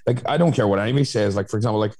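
A man's voice: on the low side, rapid-fire, a little mellow. A man in casual chat as a podcast co-host, talking in a rambling, frank way with plenty of fillers.

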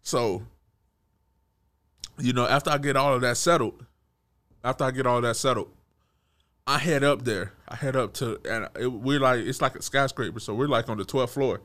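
A young man retelling a personal run-in in a casual storytime, animated, restarting his sentences and chuckling as he goes. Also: mid-range voice, moderate pace, long pauses.

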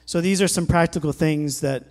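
Fervent male preacher, slightly high voice. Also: moderate pace. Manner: fervent preaching, swelling louder on scripture and exhortations. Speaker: pastor. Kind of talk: sermon.

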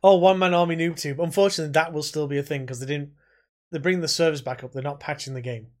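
A man's voice: fairly high pitch, fast. A man co-hosting a podcast in casual gaming chat, rambling and swearing heavily as he tells his stories. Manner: rambling, heavy swearing, animated storytelling. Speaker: podcast co-host.

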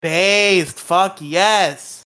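A man's voice: sits high, drawn-out words, bright, forceful tone, clear, resonant tone. Laughing, joking podcast host man. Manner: laughs often, joking and upbeat. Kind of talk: casual podcast chat.

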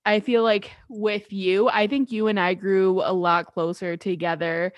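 A woman's voice: mid-range voice, level tone, measured pace, no echo. A young woman hosting a podcast, chatting casually, saying "like" a lot and laughing often. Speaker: podcast host. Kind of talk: casual chat.

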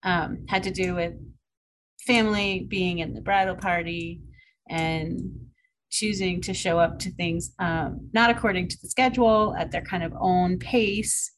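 A woman's voice: fairly low pitch, steady tone, measured pace, slight background noise, poor audio. A woman co-hosting a podcast in casual chat, telling stories with lots of "like"s and frequent laughter. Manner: chatty storyteller, many "like"s, frequent laughter. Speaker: podcast co-host.

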